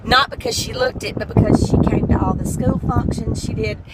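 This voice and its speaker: A woman's voice: a little high, steady tone, fairly quick, heavy background noise. A middle-aged woman, chatting in a folksy, heartfelt way. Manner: folksy and heartfelt, tearful at times. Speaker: vlogger. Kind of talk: casual chat.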